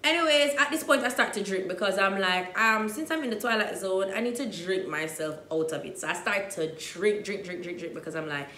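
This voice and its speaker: A young Jamaican woman with a Jamaican accent, telling a dramatic storytime, dropping to hushed asides and rising to loud outbursts. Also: medium pitch, animated, fairly quick, hardly any pauses, roomy sound, slight background noise. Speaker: vlogger. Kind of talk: storytime vlog.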